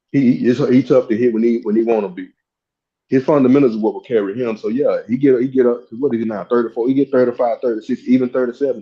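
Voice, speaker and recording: A man co-hosting a casual boxing podcast, explaining his view in a relaxed way. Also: medium pitch, slightly rough. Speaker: podcast co-host. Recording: dull lo-fi sound.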